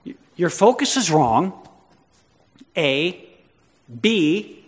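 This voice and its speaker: This male pastor's voice is a little high and animated, his pace a little slow, as he preaches with long hall reverb behind him. He talks with the congregation, asks them questions, and builds toward emphatic declarations he repeats.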